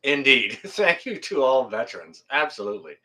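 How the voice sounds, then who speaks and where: With big pitch swings and a pushed, bright medium-pitched voice, this livestream host talks at a normal speed. He's a middle-aged man from Canada who rambles and jokes through viewer comments, laughing at chat and swearing mildly.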